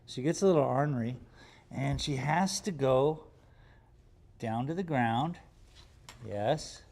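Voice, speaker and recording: A man on a live stream, talking softly and soothingly to his puppy, hushing her and explaining how he calms her down. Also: medium pitch, takes it slowly. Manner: soft, soothing talk to a puppy, hushing and praising. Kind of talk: casual live-stream chat. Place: art gallery workspace.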